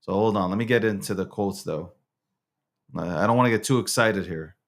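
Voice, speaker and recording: Profane, rambling male show host. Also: a little fast. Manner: rants loudly with sharp pitch jumps. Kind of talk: casual livestream show.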